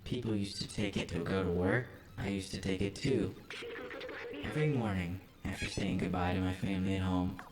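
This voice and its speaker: A man voicing a small melancholy robot companion, reading its lines in a flat, earnest robot voice. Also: sits low, normal speed, a loud crowd, natural voice, rough recording. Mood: wistful.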